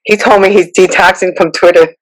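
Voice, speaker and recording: A male host keeps a live audio room going in a chatty way. He thanks and names his listeners one after another. His voice sits a little high and the recording is dry. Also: steady tone, fairly quick, no room sound, rough recording. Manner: chatty, name-checking, thankful.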